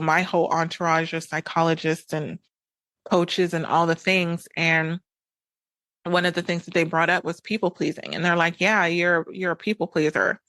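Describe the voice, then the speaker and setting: A woman's voice: fairly low pitch, fairly bright tone, dry recording. A woman hosting an advice podcast, talking frankly and conversationally, repeating phrases for emphasis. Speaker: podcast host and coach. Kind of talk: casual advice monologue.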